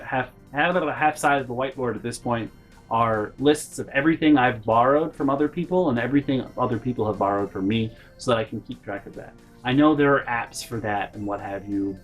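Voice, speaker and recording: A man with a middle-pitched voice rambles through a personal story, swearing freely and restarting his sentences. His delivery is animated and casual, with faint music playing behind him. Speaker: vlogger.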